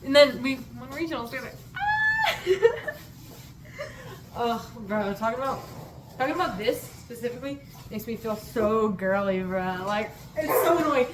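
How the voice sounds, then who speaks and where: A woman's voice: a little high, lively intonation, fairly quick, noisy background. A woman telling stories in a casual vlog, gushing and giggly, rambling from one thing to the next. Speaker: student and vlogger.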